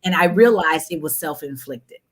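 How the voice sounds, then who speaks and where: A woman in her thirties, a guest on a talk show, telling candid stories with lots of repetition for emphasis and sudden high jumps when she quotes someone. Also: normal speed, breathy edge. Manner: animated, repeats phrases for emphasis, jumps high when quoting. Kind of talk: candid conversational storytelling.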